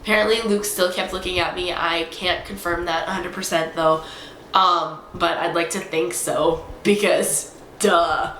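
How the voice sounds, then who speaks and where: A young adult woman vlogging, rambling excitedly in a casual chatty recap full of fillers. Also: fairly low pitch, normal speed, slight background noise. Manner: excitable, rambling fangirl storytelling with many fillers. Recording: roomy echo.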